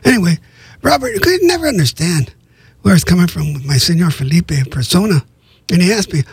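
A man's voice: high voice, sing-song, fairly quick, creaky, husky, no room sound. An older man from Southern California reading his own memoir aloud, conversational with casual asides.

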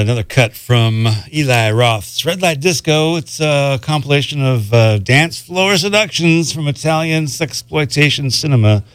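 A male radio DJ chats casually between records, easygoing and rambling, his talk full of little pauses and "uh"s. His voice sits at an everyday middle pitch. The sound is close and dry, straight from a studio microphone. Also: smooth, dry recording. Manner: relaxed, rambling, many "uh" fillers. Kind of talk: casual radio back-announcing.

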